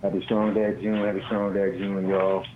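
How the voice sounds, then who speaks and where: A man's voice: low voice, little pitch movement, normal speed. A male caller from Baltimore in casual call-in chat, talking in a profane, heated, storytelling way. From Baltimore, USA. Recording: lo-fi call with faint noise.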